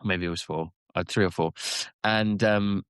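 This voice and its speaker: A man co-hosting a casual podcast chat, telling stories with halting restarts. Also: steady tone, clear, resonant tone, dry recording, clean studio sound. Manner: rambling storyteller, halting restarts, squeaky quoted voices. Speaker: podcast co-host.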